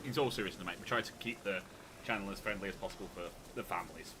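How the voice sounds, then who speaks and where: A man's voice: deep voice, fast, noisy background. A man co-hosting a gaming live stream, chatting casually and playfully over gameplay. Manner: playful, jokey, breaks into excited yelps.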